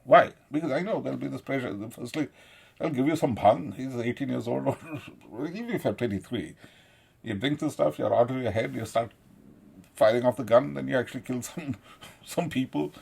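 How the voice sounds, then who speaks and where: A man's voice: medium pitch, normal speed, vocal fry, darkish tone, slightly rough. A middle-aged man from South India, giving a rambling, profane political monologue and laughing often between points. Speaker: commentator.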